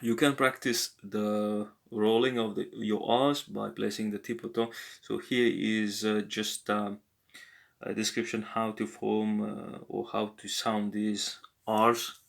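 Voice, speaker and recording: Guy walking through a language app lesson, low gravelly voice, super slow, lots of uhs. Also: level tone, a bit bright. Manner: slow, hesitant, many filler pauses. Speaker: language tutor.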